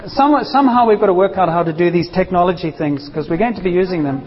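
A man's voice: sits high, fast talker. A man from South Africa preaching a sermon in an informal, joking way and speaking straight to his congregation. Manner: informal and joking, talks to the audience. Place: church hall. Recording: dull reverberant hall.

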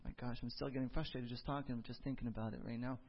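A young man preaching a sermon, telling personal stories and acting out the dialogue with lively energy. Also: medium pitch, fast talker, highs cut off. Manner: animated storyteller acting out dialogue. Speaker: pastor.

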